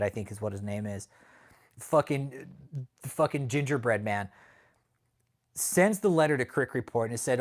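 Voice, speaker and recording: A man hosting a livestream, talking in a brash, profane, casual rant and laughing often. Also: mid-range voice. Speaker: livestream host.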